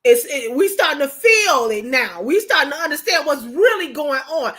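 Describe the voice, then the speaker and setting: Hosting a relaxed livestream, a woman from Michigan, USA, sounds very animated, her voice sitting high with a bit of brightness and a normal pace. Her delivery is emotional and preachy as she presses her points on viewers and repeats herself.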